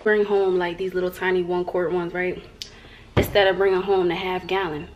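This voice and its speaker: A woman's voice: lowish voice, little pitch movement, moderate pace, a little hiss or hum. A young woman from the American South, chatting playfully to the camera as a vlogger at home and talking to her viewers like friends. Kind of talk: casual chat to camera.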